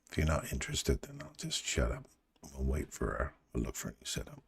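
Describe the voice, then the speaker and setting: A man's voice: extremely low pitch, a little fast, vocal fry, breathy edge, no echo. A man hosting a live trading stream in his groggy morning voice, musing and chatting casually with viewers as he reads the charts. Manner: relaxed, musing, chats to viewers.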